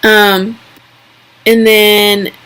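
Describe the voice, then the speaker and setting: A young woman recaps a TV episode in a loose, excitable vlog style, piling on fillers and "like" and slipping into quick, exaggerated character impressions. Her mid-range voice is clear and resonant, and she comes across as chatty.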